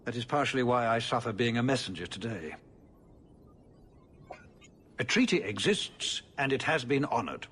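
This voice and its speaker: An actor playing a weary, cautious older city ruler who speaks in a measured, formal way, in video game dialogue. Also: male voice, medium pitch, sing-song, a bit bright, slight background noise. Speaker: city ruler addressing the hero.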